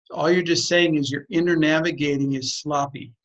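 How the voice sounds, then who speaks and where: A man's voice: fairly high pitch, steady tone, a little fast, low-quality recording. A man leading a group call, talking in a direct, blunt and emphatic way as he coaches the participants. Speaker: group facilitator.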